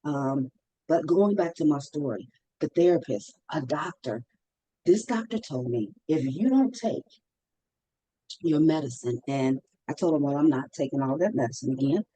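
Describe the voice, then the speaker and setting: Speaking in a low, mellow, animated voice at a normal pace, a woman appears as a guest and shares her own mental health story in conversation. She's emphatic, repeats phrases for stress, and acts out things she once said. The recording quality is poor.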